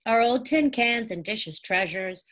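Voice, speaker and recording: Eager little boy asking lots of excited questions in a storybook, a lady reading him out. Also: fairly high pitch, a little slow.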